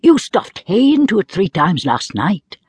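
A woman giving voice to a gentle, lofty wind spirit. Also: medium pitch, measured pace, slightly rough, dry recording, voice pushed up, heavily acted. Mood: reproachful. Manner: calm, reasoning, faintly reproachful. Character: gentle, towering female wind spirit, slightly cross. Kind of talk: storybook reading.

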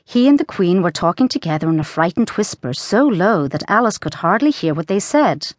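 A woman narrating a children's storybook audiobook in a lively, expressive reading. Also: fairly low pitch, a little fast, dry recording, clean studio sound.

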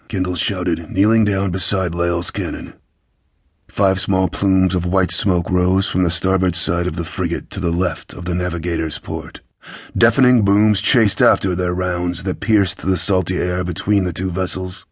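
Low husky male audiobook narrator. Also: dry recording, studio quality. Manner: measured, steady storytelling. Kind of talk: scripted fantasy audiobook narration.

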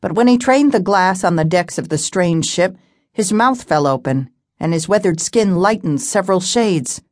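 A woman narrating a fantasy novel audiobook in a steady, measured storytelling voice. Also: fairly low pitch, dry recording, clean studio sound. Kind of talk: scripted narration.

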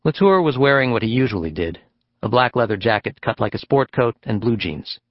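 A man narrating an audiobook in a steady, measured reading. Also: mid-range voice, no echo, lo-fi sound. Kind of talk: scripted narration.

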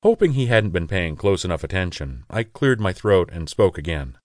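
A man's voice: low-pitched, very animated, moderate pace, few pauses, no echo. A man reading a first-person audiobook in an intimate, confessional way, on a close studio mic. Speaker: audiobook narrator.

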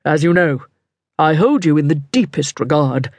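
Suave male cardinal, slow and condescending, read by a woman, dry close mic. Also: deep voice, lively intonation, a little mellow, dry recording. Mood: smooth, commanding. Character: suave, self-assured middle-aged male cardinal.

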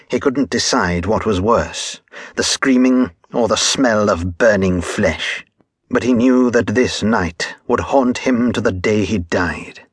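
A male audiobook narrator reads horror in a slow, deliberate cadence. His voice is low and husky, recorded close and dry. There is no room sound at all. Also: a bit bright, dry recording. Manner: measured, dramatic storytelling.

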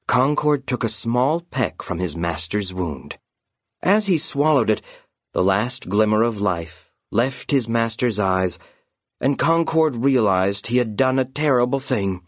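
A man narrating a children's fantasy audiobook with dramatic storytelling and slowdowns. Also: fairly low pitch, lively intonation, dry recording, studio quality.

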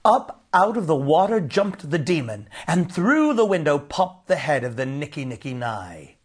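A man narrating a children's storybook in an expressive, unhurried way. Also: a little high, breathy edge. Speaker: audiobook narrator.

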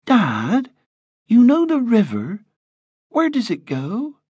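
A man's voice: very high voice, huge pitch swings, slow pace, a little mellow, slightly rough, no room sound, clean studio sound, pitched above the performer's own voice, full character voice. A male audiobook narrator voicing a curious, eager young caveboy who keeps pestering his father. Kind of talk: audiobook character voice.

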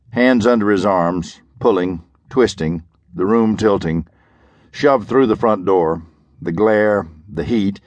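A man narrating an audiobook in a measured, steady way. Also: sits low, no room sound.

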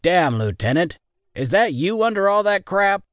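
A man doing a rough, friendly gunny. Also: sits high, big pitch swings, moderate pace, fairly bright tone, no room sound, studio quality, pitched above the performer's own voice. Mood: hearty. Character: loyal, cheerful male gunnery sergeant.

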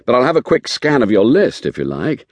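A man's voice: mid-range voice, big pitch swings, brisk, no echo, pitched above the performer's own voice. A man voicing a weary, reluctant former male private investigator in an audiobook, terse and guarded. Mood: probing. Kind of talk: audiobook character voice.

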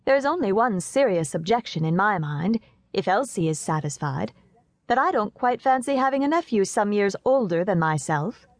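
A woman voicing a lively young lady who speaks playfully and demurely in an audiobook. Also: medium pitch, normal speed, no room sound, close to an everyday voice. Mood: teasing.

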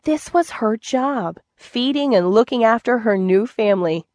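A woman narrating a children's book in a gentle, clear storytelling manner. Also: fairly high pitch, animated, unhurried, no echo. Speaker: audiobook narrator.

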